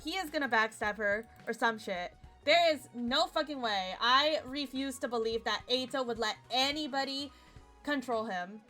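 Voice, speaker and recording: A young woman streaming a game, chatty and excitable, with a voice still rough from a nap. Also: a little high, moderate pace, soft background music. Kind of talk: casual game commentary.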